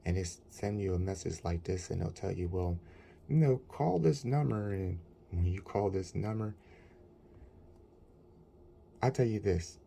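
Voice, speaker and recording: Gravelly-voiced man with AAVE, ranting. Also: low-pitched, level tone, measured pace, long pauses, warm tone, a little hiss or hum. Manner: rambling, indignant storytelling. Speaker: vlogger. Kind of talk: casual complaint vlog.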